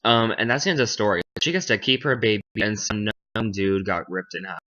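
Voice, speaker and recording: A man's voice: on the low side, a little fast, sharp tone. Young man retelling a fairy tale flippantly. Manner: flippant, jokey, acts out characters in passing. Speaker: storyteller. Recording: dull lo-fi home recording.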